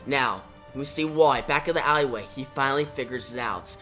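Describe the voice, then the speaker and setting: Bright-voiced man recapping comics. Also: medium pitch, a little fast, soft background music. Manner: enthusiastic, adds sound effects. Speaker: comic book reviewer.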